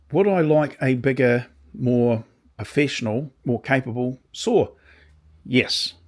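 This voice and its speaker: A man with a slightly croaky voice, talking casually through a workshop demonstration with rambling asides and dry understatement. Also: medium pitch. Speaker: workshop video maker. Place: small home workshop.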